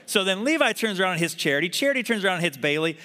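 A man's voice: high voice, sing-song, very fast, bright, forceful tone. A man preaching a sermon in a conversational way, asking the congregation to repeat words after him. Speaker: pastor. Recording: long hall reverb.

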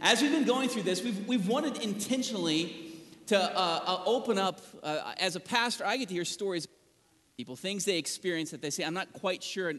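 A man preaching a sermon as pastor, in a relaxed delivery with an easy chuckle. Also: sits high, a little fast. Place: large church hall. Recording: reverberant hall from a distance.

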